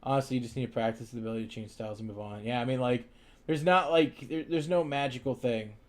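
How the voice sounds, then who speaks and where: A man's voice: mid-range voice, fast talker. A young man live-streaming while he draws, chatting casually and rambling as he answers viewer questions.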